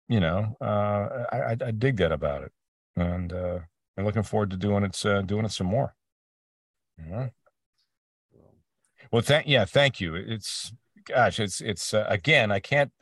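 A man's voice: fairly low pitch, no echo, studio quality, distant mic. A man being interviewed about his voice acting career, telling stories with many restarts and acting out the people he quotes. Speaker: voice actor guest. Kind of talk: casual interview conversation.

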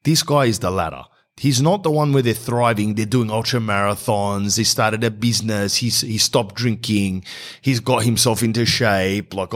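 A man's voice: lowish voice, moderate pace. A man, telling rambling, sarcastic comic stories in a blunt way. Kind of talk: comic storytelling monologue.

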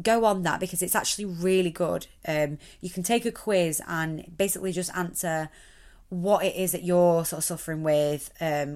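A young woman chatting casually and rambling, then talking listeners through a relaxation exercise. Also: lowish voice. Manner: chatty, rambling, many fillers. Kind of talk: casual chat and guided relaxation.

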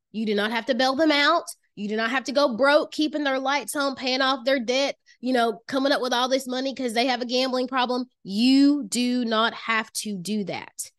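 A woman with a high, light voice leads a motivational master class. She speaks to the listener directly and emphatically, hammering points home by repeating them. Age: adult with children. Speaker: life coach and podcast host.

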